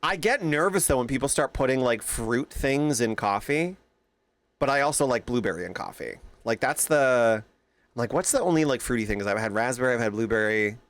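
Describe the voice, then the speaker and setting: A young man streaming, chatting casually with his viewers, telling animated stories and greeting them by name. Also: mid-range voice, normal speed.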